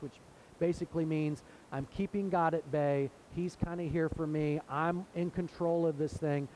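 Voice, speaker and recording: A man's voice: a little high, fairly even intonation, normal speed, mellow, slight background noise, low-quality recording. Earnest man preaching a sermon. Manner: earnest preaching, acts out quoted voices. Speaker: pastor.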